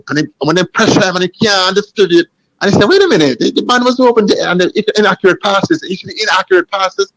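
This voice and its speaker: The audio is poor, and this Jamaican man's voice sits high as he speaks with a Jamaican accent. A football coach, he walks through tactics in casual chat, animated, restarting sentences and asking "you understand?" again and again.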